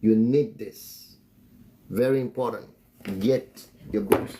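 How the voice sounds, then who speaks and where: A man's voice: fairly low pitch, slow pace, mellow, slight background noise. A man teaching about marriage on a live stream in a preachy way. He repeats phrases and chuckles often between remarks. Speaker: relationship teacher and author.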